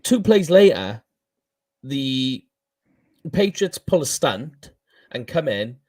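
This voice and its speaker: A man with a Welsh accent co-hosting a casual sports podcast, animated and quick to laugh at his own slips. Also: mid-range voice, no echo. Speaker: co-host.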